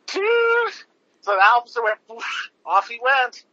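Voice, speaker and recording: High, bright-voiced man ranting. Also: fairly even intonation, normal speed, no room sound. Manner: rambling, heavy swearing, many fillers and restarts. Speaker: podcast host. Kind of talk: casual profane podcast rant. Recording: dull lo-fi recording.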